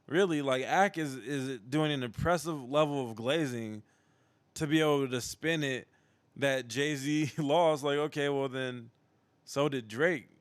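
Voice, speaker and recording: A man hosting a livestream show, giving casual commentary in a relaxed, hesitant way with many restarts. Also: on the high side, dry recording.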